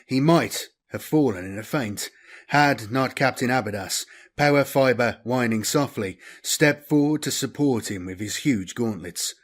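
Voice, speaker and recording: A man narrating a science fiction novel as an audiobook in a steady, dramatic reading that often drops quieter at the ends of phrases. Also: medium pitch, unhurried.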